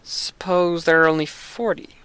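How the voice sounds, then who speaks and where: Old Abraham, earnestly pleading and bargaining, humble and careful, as a man reading aloud puts him on. The voice is a bit higher than most men's, and it is dry and close. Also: fairly even intonation, moderate pace, a bit bright, clean tone, no echo, lightly acted.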